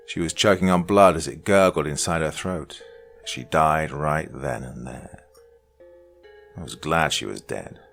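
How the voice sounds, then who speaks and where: Brief: man, extremely deep and gravelly voice, reading a horror tale dramatically over faint music. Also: unhurried. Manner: dark, dramatic reading, dropping to hushed lines. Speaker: horror podcast narrator. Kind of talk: scripted horror story narration.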